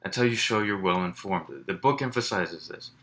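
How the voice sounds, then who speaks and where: A man's voice: low-pitched, normal speed, fairly bright tone. A man teaching a college writing class in a recorded lecture, explaining in a conversational way with fillers and restarts. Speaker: college English instructor.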